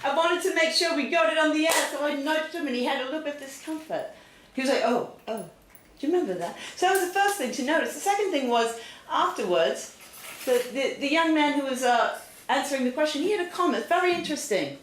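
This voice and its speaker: A woman with a high voice hosts a mock talk show in a theatrical, giggly way. She keeps turning to the audience. Her voice echoes around a roomy space. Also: animated, fast talker, slight background noise. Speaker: comedic talk show host. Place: home studio, roomy. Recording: echoey room.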